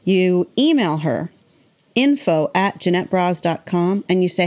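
A woman's voice: on the low side, lively intonation, a little slow, a little mellow. A woman hosting a podcast, joking and chatting casually with loose, profane humor. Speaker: podcast host. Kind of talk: casual chat.

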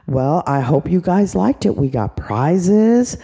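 An older woman, a grandmother, telling a children's story in a very lively, sing-song voice. She is chatty and full of asides, and her tone is soft and mellow. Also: on the low side, takes it slowly, slightly rough. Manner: animated, chatty, aside-filled.

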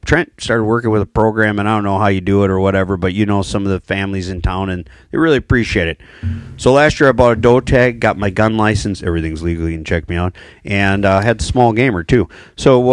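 A man's voice: on the low side, dry recording, clean studio sound. A man from Wisconsin telling hunting stories in casual chat, joking and laughing often.

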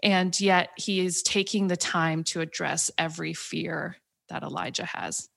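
Woman, low-pitched voice, earnest, reflective, casual Bible study co-host. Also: fairly even intonation, a little slow, creaky, a bit bright. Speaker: podcast co-host.

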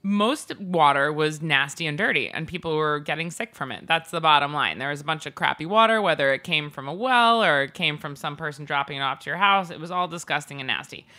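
A woman hosting a casual chat show, easygoing and jokey, with flashes of mock outrage. Her voice sits a little low but sounds bright and forward. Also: a little fast, few pauses. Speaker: podcast co-host.

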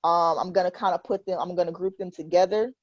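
A woman's voice: fairly low pitch, fairly even intonation, fast talker, no room sound. A woman hosts a loose group podcast conversation. She talks candidly, wanders through her thoughts and laughs easily. The sound is dry and a little muffled. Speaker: podcast host. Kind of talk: casual group podcast chat. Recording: dry, slightly dull lo-fi sound.

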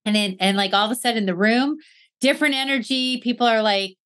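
A woman hosting a podcast, chatting loosely with lots of filler words. Her voice sits high for a woman. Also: fast, a bit bright. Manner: chatty, full of fillers like "like" and "you know". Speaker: podcast host. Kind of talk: casual podcast conversation.

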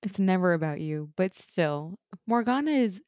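A woman's voice: on the low side, expressive, moderate pace, darkish tone, dry recording, studio quality. A woman co-hosting a casual podcast, talking through a TV episode with strong opinions, frequent laughs and the odd swear word. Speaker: podcast co-host. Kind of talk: casual rewatch chat.

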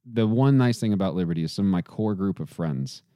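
A man's voice: low voice, expressive, a little fast, mellow, no room sound, clean studio sound. A man with a faint Southern accent, a podcast guest talking in a loose, rambling way with many fillers and restarts. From southern United States. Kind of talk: casual conversation.

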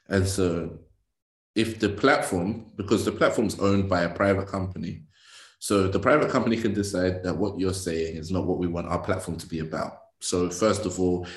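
A man in a sports debate, measured and reasoning, with hesitant restarts. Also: low voice, roomy sound.

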